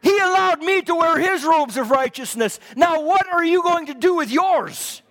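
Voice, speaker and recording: A man preaching a fervent sermon in a church, repeating his lines and swinging from loud to hushed. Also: extremely high pitch, expressive, moderate pace. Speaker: pastor. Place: church hall. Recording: long hall reverb.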